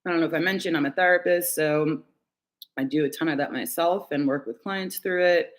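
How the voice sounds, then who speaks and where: Woman, slightly low voice, casual tarot reading, chatty, candid, laughs a lot, swears casually. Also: a little fast. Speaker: tarot reader.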